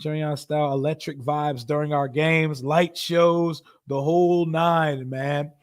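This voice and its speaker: Animated young streamer, high voice. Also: male voice, a little slow, hardly any pauses, dry recording, studio quality. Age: young adult. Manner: animated, profane, addresses chat directly. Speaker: livestream host. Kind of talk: casual live reaction stream.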